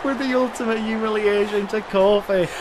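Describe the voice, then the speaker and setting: A man's voice: high voice, fairly even intonation, normal speed. A man co-hosting a wrestling video game, teasing his partner and calling the action in a mock announcer style. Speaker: gaming co-host. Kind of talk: playful wrestling-game commentary.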